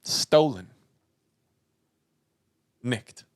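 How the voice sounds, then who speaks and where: A man co-hosting a casual podcast, playfully quizzing his friend on slang words, spelling them out slowly and laughing often. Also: no echo, clean studio sound. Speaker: podcast co-host. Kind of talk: casual chat.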